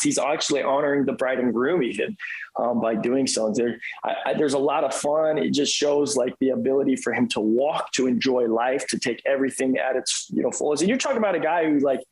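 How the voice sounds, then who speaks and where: A man's voice: medium pitch, breathy edge, poor audio. A man, a pastor, talking casually as a guest in an interview, telling stories with enthusiasm and acting out quoted lines. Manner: animated, enthusiastic storytelling with quoted voices.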